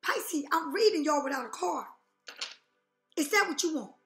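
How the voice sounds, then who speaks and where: Woman tarot reader, brassy and high, profane and direct, echoey room with faint music underneath. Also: animated, moderate pace, fairly bright tone. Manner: blunt, profane, rhetorical questions. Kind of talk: intuitive reading to viewers.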